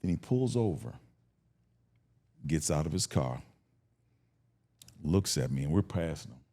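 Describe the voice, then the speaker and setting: A man in his fifties from Cleveland, telling stories as a guest in a casual conversation. He is animated, laughs often and acts out the voices of people he quotes. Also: rumbling low, a little slow. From Cleveland, United States. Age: 50s.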